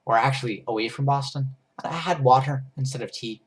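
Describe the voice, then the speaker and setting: A husky male voice tells a silly first-person tale, rambling and stopping to comment on what he draws. The delivery is loose and chatty, with a slightly breathy edge. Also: mid-range voice, a little fast. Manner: rambling, goofy, self-interrupting while drawing. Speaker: storyteller and drawer. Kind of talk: rambling first-person doodle story narration.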